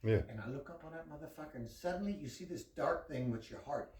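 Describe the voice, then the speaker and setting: A man telling a profane, animated story full of quoted dialogue in a casual chat with a friend. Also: a little high, quick pace, roomy sound, recorded from a distance, rough recording. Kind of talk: casual anecdote told to a friend.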